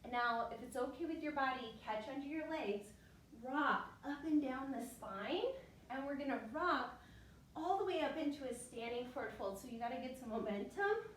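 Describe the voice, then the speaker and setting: A woman leading a yoga class, giving calm step-by-step cues on each breath, a little out of breath. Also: sits high, normal speed, slight background noise. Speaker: yoga teacher. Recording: echoey room, mic far off.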